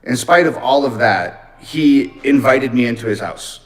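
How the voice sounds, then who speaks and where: Man, casual storytelling, swears often, rambling, middle pitch. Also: measured pace, poor audio. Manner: profane, rambling, animated retelling. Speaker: livestreamer telling a story.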